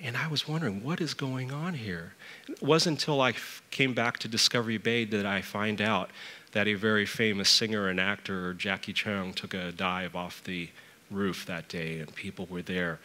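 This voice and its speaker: Middle-aged male church elder, sermon delivery, bright tone, storytelling with emphatic pitch rises. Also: fairly even intonation, moderate pace, in a large hall.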